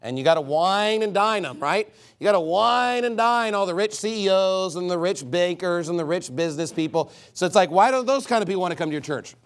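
Emphatic preaching man, fairly high voice. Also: animated, fairly quick, hardly any pauses. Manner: emphatic, preaching with sudden swings in volume and pace. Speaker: pastor. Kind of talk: fiery sermon.

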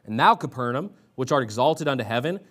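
A man's voice: mid-range voice, expressive, fast talker, fairly bright tone. A man preaching a sermon, exhorting his listeners and reading scripture aloud with emphasis. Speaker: pastor.

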